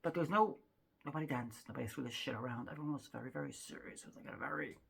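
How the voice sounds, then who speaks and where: A woman's voice: a bass voice, rapid-fire, gravelly, a bit bright, husky. A woman doing rambling, self-mocking stand-up storytelling, chatty with frequent asides. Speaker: stand-up comedian.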